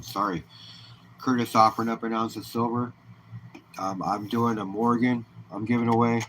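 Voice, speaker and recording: A man with a fairly low voice hosts a relaxed live stream and chats easily with viewers, greeting them one by one. He talks in an informal, friendly way, and a faint hiss sits under his voice. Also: moderate pace, poor audio. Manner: easygoing, chatty, greets viewers by name. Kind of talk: casual live-stream chat.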